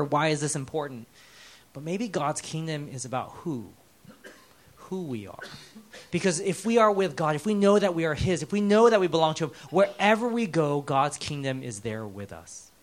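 A young man with an American accent preaching a sermon as a pastor, telling personal stories in a conversational way, moving between lively and hushed delivery. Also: medium pitch. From United States.

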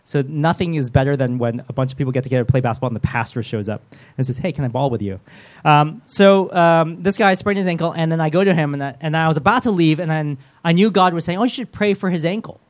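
A man's voice: fairly high pitch, quick pace. Male pastor, middle-aged, casual storytelling sermon, conversational with lots of fillers. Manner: conversational, rambling with fillers and quoted inner thoughts.

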